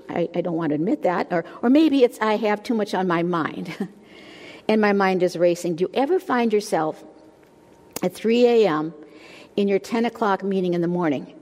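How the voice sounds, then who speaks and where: Older woman, sermon speaker, warm self-deprecating humor, mid pitch, long hall reverb. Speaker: women's ministry speaker.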